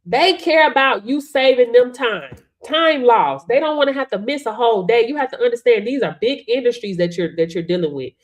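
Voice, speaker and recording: Emphatic woman coach, slightly high voice. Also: lively intonation, brisk, hardly any pauses. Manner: emphatic, punctuates with "right?" and "Hello?", calls on viewers. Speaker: business coach. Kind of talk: live-streamed coaching talk.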